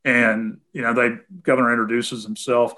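A man's voice: medium pitch, level tone, normal speed. A man with a Tennessee accent answering callers' questions in a casual conversation, hesitating often with "um" and "you know".

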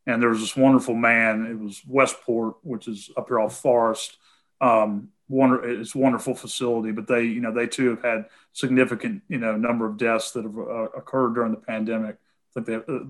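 A man's voice: medium pitch, level tone, normal speed. A man with a Tennessee accent answering callers' questions in a casual conversation, hesitating often with "um" and "you know".

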